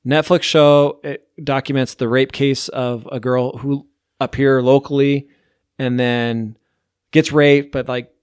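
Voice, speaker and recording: A man's voice: medium pitch, flat delivery, slow pace, clean tone, no echo, studio quality. A man hosting a podcast, chatting casually and rambling through a ranking of TV shows, with lots of "like". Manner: rambling, heavy use of "like". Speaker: podcast host.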